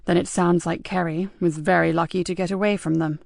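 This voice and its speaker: A woman reading the part of a compassionate but guarded male police sergeant who speaks in a clipped, measured way. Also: high-pitched, little pitch movement, creaky, dry recording, studio quality. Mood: wry.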